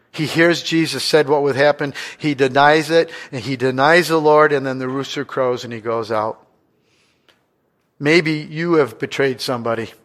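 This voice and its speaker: A male pastor delivering a sermon in a mid-range voice. He preaches expressively, rising for emphasis and dropping to a hush. He keeps putting questions to the congregation. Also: medium pitch. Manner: expressive preaching, swinging between loud and hushed.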